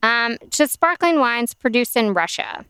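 A woman's voice: a little high, expressive, measured pace, sharp tone, clear, resonant tone, dry recording. A woman co-hosting a casual podcast and presenting drinks news, a little tipsy from wine and talking in a chatty, filler-filled way. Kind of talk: casual chat.

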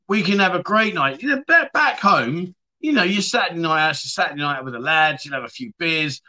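A man hosting a relaxed livestream chat show, talking in a fairly high, bright voice. He rambles from one thought to the next, reads out viewer comments and drops friendly asides to the people watching. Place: lives abroad in Thailand.

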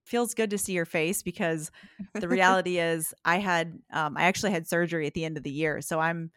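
A woman's voice: on the low side, steady tone, a little fast, fairly bright tone, no echo, studio quality. A woman podcast co-host with a slight Appalachian twang, chatting casually and telling stories. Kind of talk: casual chat.

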